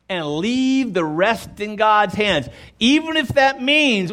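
Animated high-voiced male preacher. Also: unhurried. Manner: emphatic, addresses the congregation directly; acts out quoted voices in dialogue. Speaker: pastor. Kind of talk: sermon.

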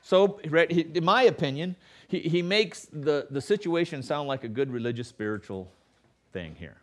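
Pastor, male, preaching with an animated, lively voice and mocking asides. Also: on the high side, normal speed. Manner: animated, acts out quoted voices with sarcasm. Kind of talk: sermon.

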